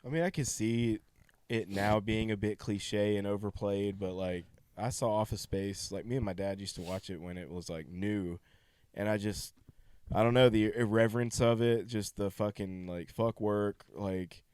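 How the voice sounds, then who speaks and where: A man's voice: fairly low pitch, fairly even intonation, moderate pace, darkish tone, clean tone, no room sound. A man co-hosting a podcast, chatting casually and animatedly, laughing a lot. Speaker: podcast co-host. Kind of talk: casual chat.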